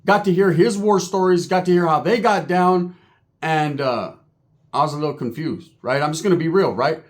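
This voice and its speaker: A man's voice: fairly high pitch, moderate pace. A man telling a comic story from his own life in profane, streetwise talk, checking in with "right?" again and again.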